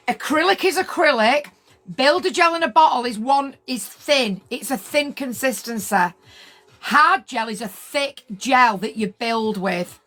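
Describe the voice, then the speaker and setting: A woman in her 50s chats casually with viewers on a livestream, her slightly high, fairly bright voice moving with lively intonation at an unhurried pace. She tells a story indignantly, repeating her points for emphasis.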